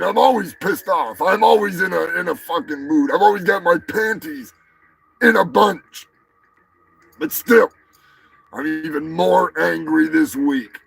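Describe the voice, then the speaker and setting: A man hosting a comedy news livestream, swearing and ranting with mock anger, swinging between shouts and mutters. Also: on the high side, gravelly, poor audio. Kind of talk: crude ranting livestream banter.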